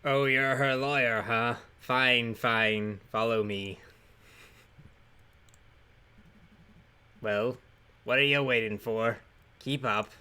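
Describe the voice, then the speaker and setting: A man's voice: mid-range voice, fairly even intonation, slow, bright, forceful tone, smooth. A man co-streaming a video game, reading a sidekick's lines with a dry, teasing manner. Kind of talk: let's-play game reading.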